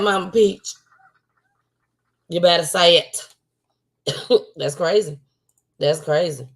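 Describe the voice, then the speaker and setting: A woman's voice: mid-range voice, creaky. A woman hosting a casual livestream talk show. She talks outspokenly and repeats points for emphasis.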